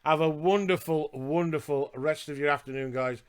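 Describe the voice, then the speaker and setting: A man's voice: fairly high pitch, normal speed, smooth. A middle-aged man with a Yorkshire accent co-hosting a casual podcast in a jokey, teasing way. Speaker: podcast co-host. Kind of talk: casual live podcast chat.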